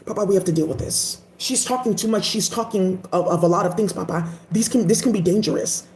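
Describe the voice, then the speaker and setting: A woman's voice: mid-range voice, a little fast, a little mellow, reverberant, slight background noise, natural voice. A woman voicing a worried young man who pleads with his father, anxious and earnest. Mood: pleading.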